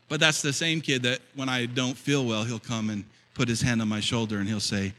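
A man in his fifties preaching a sermon as pastor, telling a story and then rising to loud, fervent preaching. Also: mid-range voice, fairly even intonation, fairly quick, few pauses, a little hiss or hum, low-quality recording. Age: 50s.

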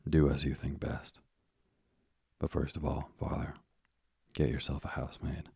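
A man's voice: extremely low pitch, flat delivery, unhurried, vocal fry, a little mellow, slightly rough, no echo, heavily acted. A man voicing an earnest young sailor speaking to his father in an audiobook, urgent and eager.

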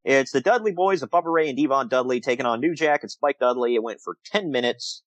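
A man's voice: mid-range voice, fast, dry recording, rough recording. A man co-hosting a casual podcast, recapping old wrestling shows, laughing often and acting out quotes. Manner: laughs often, animated retelling with quoted asides. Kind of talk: casual chat.

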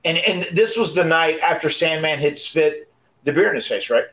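Man in his forties telling a story, animated, repeats words as he restarts, voice a touch high. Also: normal speed, poor audio. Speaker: wrestler and podcast co-host. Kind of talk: casual storytelling.

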